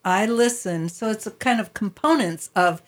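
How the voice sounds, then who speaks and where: A woman's voice: medium pitch, normal speed. A woman interviewing a guest, thoughtfully summing up what she heard. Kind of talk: reflective conversation.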